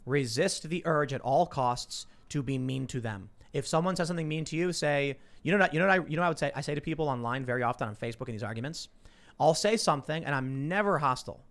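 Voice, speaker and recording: A man's voice: fairly high pitch, fast talker, fairly bright tone. A man hosting a podcast, telling stories in casual chat and acting out the people he quotes. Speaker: podcast host.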